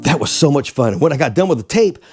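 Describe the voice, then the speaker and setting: A man in his sixties, a former radio DJ and host, telling rambling, animated anecdotes casually. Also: mid-range voice, fast talker, slightly rough, soft background music. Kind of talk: casual storytelling.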